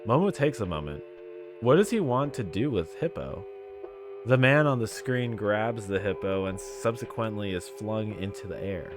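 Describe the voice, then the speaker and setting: A man's voice: fairly low pitch, animated, moderate pace, music in the background. A man reading a story game's text aloud, making joking remarks between the lines. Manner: reads narration, breaks into laughs and jokes. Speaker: gamer playing a text game.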